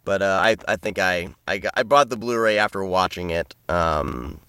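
A man's voice: deep voice, normal speed, sharp tone, clean tone, dry recording. A man co-hosting a podcast, chatting casually and hesitantly with many restarts. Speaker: podcast co-host. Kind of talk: casual chat.

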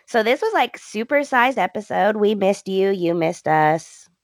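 A woman's voice: mid-range voice, expressive, unhurried, no room sound. A woman co-hosting a podcast, chatting casually about soap episodes with dry wisecracks. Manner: dry wisecracks between the recap. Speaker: podcast co-host. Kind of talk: casual chat recapping a soap opera.

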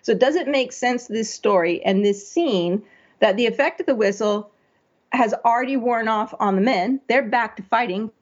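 A woman's voice: on the high side, normal speed, lo-fi sound. A woman giving a conversational critique of a story draft, thinking aloud and asking herself questions as she works. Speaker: writing editor.

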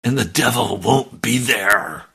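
Male preacher, gravelly voice, slow and fervent delivery. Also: mid-range voice, sharp tone. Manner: fervent, slow and emotional, reading scripture aloud. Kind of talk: sermon.

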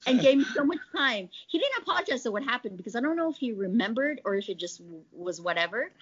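A woman's voice: fairly high pitch, expressive, quick pace, noisy background. A woman in pharmaceutical sales, chatting in an interview, telling stories animatedly and acting out quoted lines. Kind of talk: conversational interview storytelling. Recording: slightly dull lo-fi audio.

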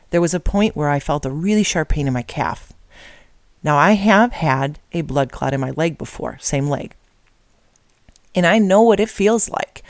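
A woman's voice: low-pitched, darkish tone, no echo. A middle-aged woman earnestly telling a personal story, acting out the dialogue as she goes. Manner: earnest, emotional, with quoted dialogue. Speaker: speaker telling her story.

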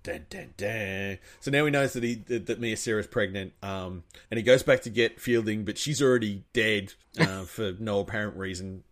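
A man talking casually on a podcast, retelling a film scene by scene. He rambles with restarts and throws in quick acted-out lines from the characters. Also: lowish voice. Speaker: podcast co-host recapping a film. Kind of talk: casual chat.

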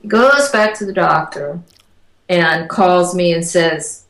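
A woman's voice: lowish voice, slow. Woman telling stories in an echoey room. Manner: animated, acts out quoted voices. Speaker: interview guest. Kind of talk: casual storytelling.

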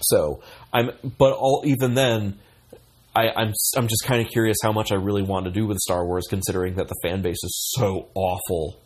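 A man's voice: lowish voice, fairly even intonation, normal speed, darkish tone. A man co-hosting a podcast in casual chat, rambling with many fillers and restarts. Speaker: podcast co-host.

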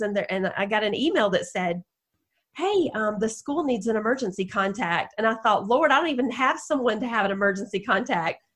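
A middle-aged woman from Georgia, a guest on a podcast, telling her story in an emotional, animated way. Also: fairly high pitch. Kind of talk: podcast interview.

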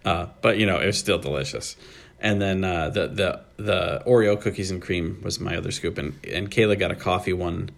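A man co-hosting a podcast, chatting casually in a halting, rambling way with many restarts. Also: low voice, vocal fry. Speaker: podcast co-host. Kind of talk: casual chat.

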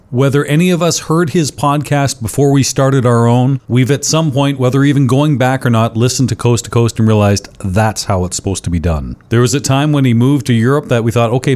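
Male podcast host, forties, from Canada, smooth announcer voice. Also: medium pitch, darkish tone. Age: 40s. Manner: smooth radio announcer delivery. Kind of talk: podcast interview.

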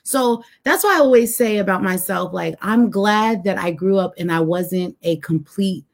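A woman's voice: medium pitch, moderate pace, gravelly. A woman guest telling a personal story with animation, acting out voices and dialogue as she goes.

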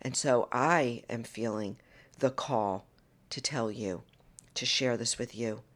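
A woman hosting a solo podcast monologue into a microphone, earnest and emotional, often dropping into a soft whisper. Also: rumbling low, unhurried. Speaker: podcast host. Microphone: studio microphone.

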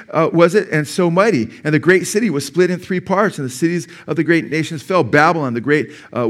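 A middle-aged man preaching a sermon as pastor in a church, emphatic, rising to loud peaks and asking the congregation questions. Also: on the high side. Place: church sanctuary.

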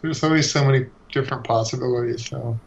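A man chatting casually on a podcast about his own comic, relaxed, with lots of restarts and fillers. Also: mid-range voice, fast, gravelly. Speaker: comic book creator. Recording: dull lo-fi sound.

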